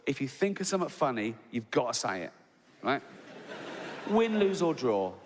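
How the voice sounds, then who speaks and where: A man's voice: mid-range voice, very animated, moderate pace, very noisy. An English man in his sixties doing stand-up storytelling, tagging lines with "right?" and laughing through his own jokes. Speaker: stand-up comedian. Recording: long hall reverb.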